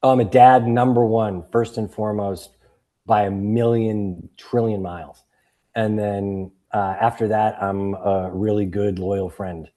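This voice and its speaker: There's no rush in this man's low voice as he spins stories. He's a Boston author and coach in his fifties, a guest in an easygoing interview, animatedly acting out the voices of people he quotes.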